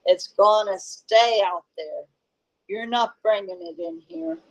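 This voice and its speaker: A woman's voice: mid-range voice, big pitch swings, slow, low-quality recording. A woman reading aloud, voicing a nervous, angry man who speaks in a tense, clipped hiss.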